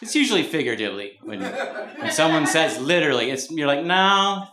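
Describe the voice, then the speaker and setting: A man's voice: fairly high pitch, big pitch swings, a little fast, crowd noise. A man from California doing a rambling, self-mocking stand-up set on a club stage before a live audience. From Mountain View, California. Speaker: stand-up comedian. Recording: roomy live club recording, background noise.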